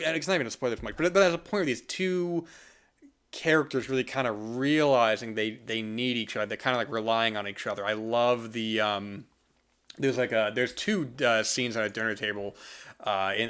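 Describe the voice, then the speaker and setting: Rambling man reviewing films, low voice. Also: fairly bright tone. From US East Coast. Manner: rambling, many fillers and restarts. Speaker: podcast host. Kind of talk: casual film review monologue.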